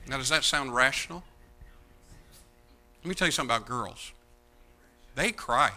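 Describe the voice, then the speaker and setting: A man preaching a sermon as pastor, animated and mocking, swinging between loud outbursts and hushed asides. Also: medium pitch, moderate pace, a little hiss or hum.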